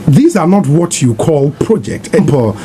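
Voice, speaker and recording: A man's voice: a little high, very animated, normal speed, dark tone, a little hiss or hum. A man with a Ghanaian accent hosting a radio interview, giving short prompts and pointed challenges. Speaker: radio host.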